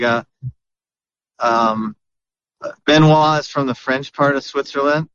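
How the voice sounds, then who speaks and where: Male podcast host, mid-pitched, rambly with fillers; muffled lo-fi audio. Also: fairly bright tone. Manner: chatty, with many fillers and restarts. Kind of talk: casual chat.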